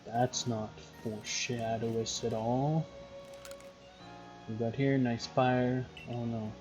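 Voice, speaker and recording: A man's voice: mid-range voice, little pitch movement, takes it slowly, darkish tone. A young man hosting a gaming channel, who reads on-screen game text aloud and comments casually as he plays. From Canada. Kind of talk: casual let's-play commentary. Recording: dull lo-fi recording with faint game music.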